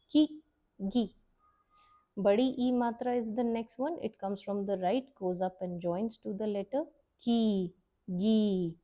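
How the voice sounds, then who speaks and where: A woman teacher leads a slow, careful language lesson. Her voice is mellow and dark-toned, her delivery unhurried, and she repeats each sound so it sinks in. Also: medium pitch. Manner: patient, repeats sounds to model pronunciation. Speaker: Hindi teacher.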